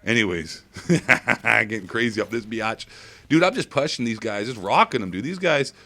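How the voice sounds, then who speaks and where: A man giving crude, comedic gameplay commentary, hyper and swinging between squeaky highs and low mutters. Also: animated, moderate pace, fairly bright tone.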